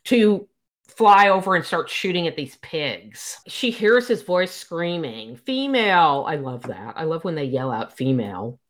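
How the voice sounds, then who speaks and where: A woman co-hosting a casual book chat, retelling the plot with lively quotes. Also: low-pitched, a little slow. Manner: retells plot animatedly, quoting characters. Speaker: book podcast co-host.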